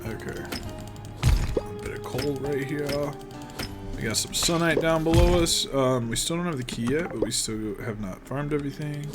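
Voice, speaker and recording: A man giving relaxed, rambling gameplay commentary, chatting with asides as he plays. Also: fairly high pitch, moderate pace. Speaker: gaming channel host. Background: game music.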